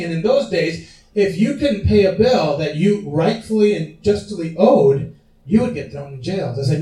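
A male pastor preaching a sermon in an animated, conversational way, often asking his congregation questions. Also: sits high, moderate pace. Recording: roomy hall, mic at a distance.

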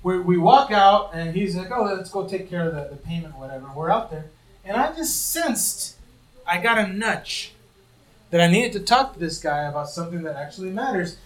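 A middle-aged male pastor preaching a sermon in church, telling stories with lively acted-out voices. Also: high-pitched, moderate pace, reverberant, distant mic, poor audio. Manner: animated storytelling, acting out quoted voices.

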